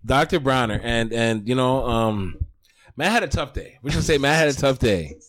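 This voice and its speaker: A man co-hosting a podcast, talking in loose, rambling casual chat. He swears freely and breaks into laughter often, at an everyday middle pitch. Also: animated, moderate pace, fairly bright tone. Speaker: podcast co-host.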